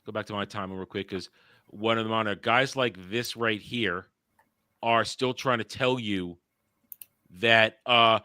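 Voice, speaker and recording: Podcast host, male, blunt ranter, bright close voice. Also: on the low side, measured pace, clear, resonant tone, dry recording. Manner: blunt, ranting, profane. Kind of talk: casual panel chat.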